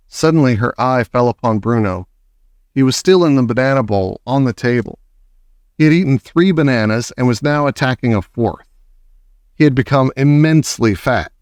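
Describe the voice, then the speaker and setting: A man reading a children's novel aloud in a measured, expressive first-person narration. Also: medium pitch, dry recording. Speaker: audiobook narrator. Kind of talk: storybook reading.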